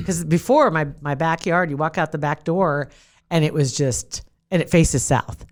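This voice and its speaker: A middle-aged woman with a Midwest American accent co-hosts a podcast in a studio, chatting casually and laughing often. Her voice is low-pitched and a little slow.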